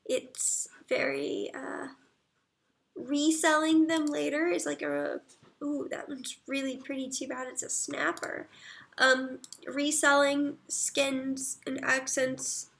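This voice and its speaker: A woman livestreaming, chatting casually, reading viewer comments aloud and murmuring soft asides. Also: sits high, flat delivery, slow, gravelly.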